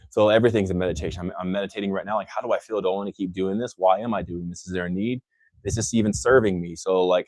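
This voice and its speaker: Low-voiced man with an odd mixed accent. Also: darkish tone, no echo. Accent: own mixed accent, not Texan. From Texas. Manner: loose, rambling, many fillers and restarts. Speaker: livestream host answering viewer questions. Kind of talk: casual live Q&A.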